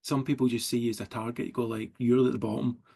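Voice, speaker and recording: A man's voice: medium pitch, level tone, fast talker, warm tone, breathy edge. A middle-aged Scottish man, a writer as interview guest, rambling through anecdotes full of likes and quoted dialogue. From Scotland. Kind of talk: casual storytelling chat.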